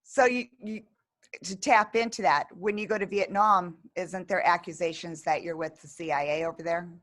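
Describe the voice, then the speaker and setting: A woman's voice: lowish voice, fairly even intonation, normal speed, fairly bright tone. A woman interviewing a guest, asking probing questions in a casual, apologetic manner. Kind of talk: conversational interview.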